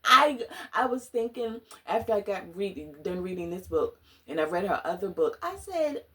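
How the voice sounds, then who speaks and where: Lively, slangy woman book vlogger. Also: medium pitch, moderate pace. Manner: animated, slangy and dramatic, often laughing. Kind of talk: casual book review vlog.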